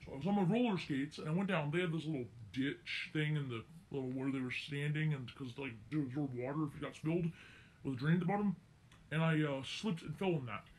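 A man's voice: a little high, fairly quick. A teenage boy telling a rambling, self-correcting story in a casual story-time vlog. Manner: rambling, circling back and correcting himself. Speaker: vlogger.

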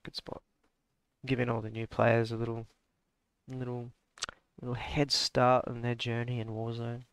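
A man's voice: medium pitch, completely flat delivery, moderate pace, vocal fry, slight background noise. A young man streaming a game, rambling and joking about himself in casual chat. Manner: joking, rambling, self-mocking.

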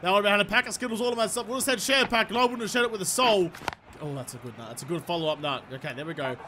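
A young man giving excitable, swearing commentary over a cricket video game he is playing. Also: high-pitched, very fast, a little hiss or hum. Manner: excitable, swears freely, talks to his player. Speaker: gaming YouTuber. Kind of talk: gameplay commentary.

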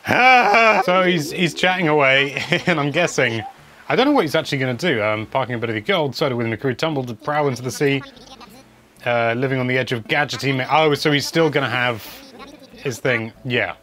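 A man's voice: mid-range voice, fairly quick, bright, forceful tone. Wry man narrating gameplay. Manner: wry, chatty, hums while playing. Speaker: game video presenter. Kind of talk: casual gameplay commentary.

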